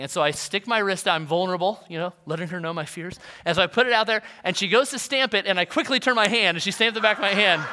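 A man's voice: high voice, lively intonation, fast, sharp tone. A young adult male pastor giving a sermon in a conversational, self-deprecating storytelling manner.

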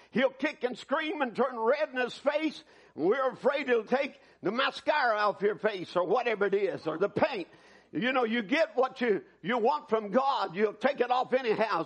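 A man preaching a sermon at a church service, swinging between loud, fervent appeals and hushed, prayerful passages. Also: very high voice, husky.

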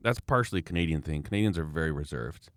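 A man with a rumbling low voice talks fast in a dry, studio-quality recording. Chatting casually about politics, he's opinionated and rambling, animatedly acting out the people he quotes.

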